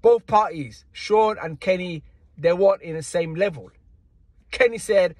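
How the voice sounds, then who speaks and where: A man with a high, husky voice rants in casual boxing commentary. He sounds indignant and slangy and keeps circling back to the same points. The sound is dry and close, with no room around it. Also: a little slow, no echo.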